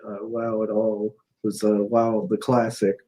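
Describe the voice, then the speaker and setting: A man's voice: unhurried, rough recording. A man co-hosting a casual livestream, telling stories animatedly and laughing often. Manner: animated storyteller, laughs often, jumps up in pitch when amused. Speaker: stream co-host.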